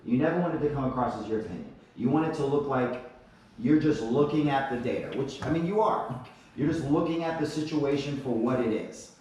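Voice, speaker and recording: A man's voice: mid-range voice, fairly quick. A man managing a sales team, telling stories about calls and acting out both sides with laughs. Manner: animated storytelling, laughs, acts out calls. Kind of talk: team training talk. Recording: echoey room from far off.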